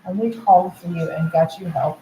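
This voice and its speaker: A woman's voice: lowish voice, a little fast, warm tone. A woman in an agitated, rambling monologue, repeatedly relaying what others told her. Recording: roomy echo, faint background noise.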